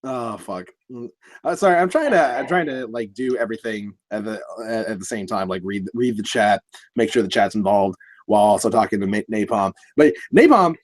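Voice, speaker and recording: Halting man hosting a livestream. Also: lowish voice, lively intonation, no room sound. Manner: halting, restarts often, laughs a lot. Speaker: livestream host. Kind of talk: casual livestream chat.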